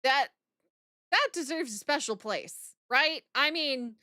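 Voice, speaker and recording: A woman's voice: sits high, animated, slow pace, bright, forceful tone, no echo, clean studio sound. A woman streaming live, reacting aloud with lots of exclaiming and swearing and talking to her chat.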